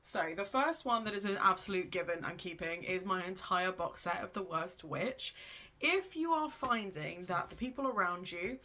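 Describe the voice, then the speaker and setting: A woman's voice: fairly low pitch, expressive, moderate pace, sharp tone. A young woman vlogging about her books in a chatty, gushing way, often breaking off and restarting mid-sentence. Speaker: book vlogger. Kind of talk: casual chat about books.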